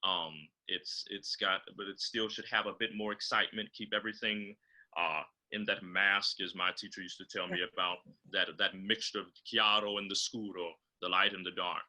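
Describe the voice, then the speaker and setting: A man, a composer and choral director, explaining choral diction over a video call and often pausing on fillers. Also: low-pitched, little pitch movement, bright, forceful tone, low-quality recording.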